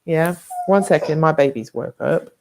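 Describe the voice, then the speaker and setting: A woman's voice: low-pitched, moderate pace, background noise. A British woman vlogging, telling a personal story in a candid, blunt, rambling way with some swearing.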